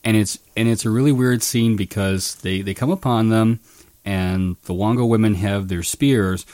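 A man co-hosting a movie podcast in loose, rambling chat. His voice sits a little low and sounds dry and close to the mic. He stumbles through restarts and filler words and gets lively when retelling scenes. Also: no room sound. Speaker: podcast co-host. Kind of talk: casual movie review chat.

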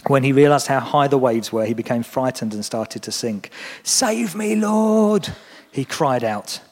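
With a mid-range voice and fairly even intonation, a man preaches at a normal speed, urging his congregation on earnestly and encouragingly. It was recorded in a church hall, with its long reverb.

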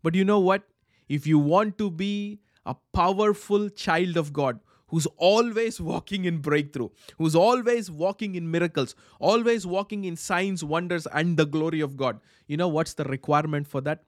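Fervent high-voiced preacher, dry close sound. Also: male voice, moderate pace, dry recording. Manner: fervent, repetitive, breaks into tongues. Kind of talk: charismatic sermon with prayer.

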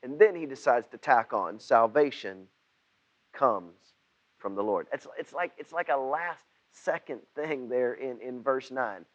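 A man preaching a sermon over video, speaking haltingly with frequent restarts and rising to emphatic outbursts. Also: mid-range voice, muffled recording. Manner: rises to emphatic outbursts when voicing Jonah. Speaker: pastor.

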